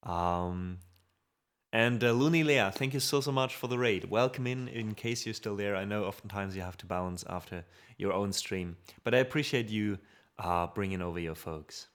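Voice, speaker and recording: A native German speaker with a German accent hosts a music livestream, reading out chat in an upbeat, casual way and laughing often. His voice is on the low side with a fairly bright tone, delivered at a moderate pace.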